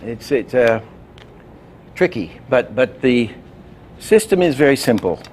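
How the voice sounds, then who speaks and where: Man, animation teacher, slow deliberate delivery, faint room hiss behind, demonstrative. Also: medium pitch, big pitch swings, darkish tone. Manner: unhurried, demonstrative, with sound effects. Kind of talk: instructional demonstration.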